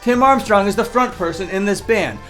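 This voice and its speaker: A man's voice: high voice, moderate pace, a bit bright, faint music behind. A man hosting a mock-serious comedy commentary, lecturing sarcastically. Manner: sarcastic, lecturing, with mocking impressions. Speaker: youtuber host.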